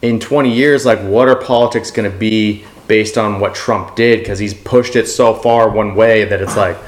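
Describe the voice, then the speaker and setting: A man's voice: on the low side, steady tone, normal speed, echoey room. A man in casual podcast talk, rambling and thinking aloud with many fillers.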